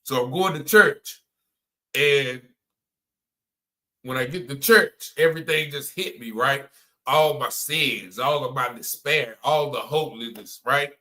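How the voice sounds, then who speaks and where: A man's voice: mid-range voice, measured pace, bright, forceful tone. A man from North Carolina, giving a spoken religious testimony in a conversational way, often repeating himself and saying "you know" and "man.".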